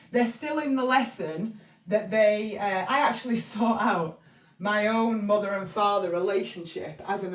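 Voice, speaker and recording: A channel host from England, a woman with a medium-pitched voice, rambles casually about spiritual life lessons with many fillers and restarts. She's recorded from a distance in an echoey room, somewhat off-mic.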